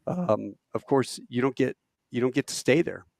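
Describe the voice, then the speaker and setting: A man, a podcast guest, telling war stories in a lively way, acting out quotes with halting restarts. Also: mid-range voice, vocal fry, dry recording, studio quality. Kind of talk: animated war storytelling.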